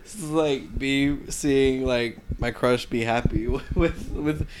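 A man's voice: mid-range voice, takes it slowly, noisy background. A young man chatting casually with friends, dry and reactive, often laughing. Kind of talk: casual chat.

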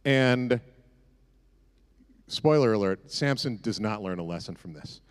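A man's voice: fairly low pitch, animated, unhurried, clean tone. A man preaching a casual, conversational sermon with sarcastic, joking asides. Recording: echoey hall reverb.

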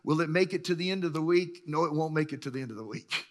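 A pastor in his sixties preaching a sermon, emphatic and swinging between loud bursts and hushed lines. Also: fairly high pitch, fast talker. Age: 60s.

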